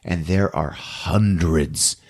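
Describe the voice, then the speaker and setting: A man hosting a podcast who recaps a movie in a casual, animated storytelling way. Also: low voice, takes it slowly. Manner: animated storytelling, acting out scenes. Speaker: podcast host.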